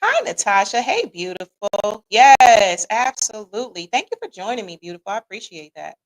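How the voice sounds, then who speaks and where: A woman's voice: mid-range voice, normal speed. A woman with a Midwestern American accent hosting a podcast livestream, joking casually and talking back to viewers in the chat. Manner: lively, joking, talks to the chat. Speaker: podcast host reading live chat.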